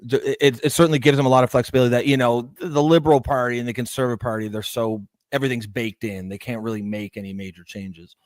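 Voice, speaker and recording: A man's voice: medium pitch, fairly even intonation, fast talker, few pauses, a little mellow, no echo. A man co-hosting a livestream, chatting casually and hesitantly with many fillers while reading out viewer comments. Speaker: livestream co-host. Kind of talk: casual political chat.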